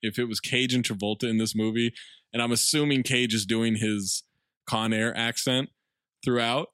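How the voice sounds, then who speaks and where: A man's voice: mid-range voice, fairly even intonation, normal speed, fairly bright tone, no echo, studio quality. A man co-hosting a podcast, talking about a movie in casual chat, enthusiastic and profane, often laughing. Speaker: podcast co-host.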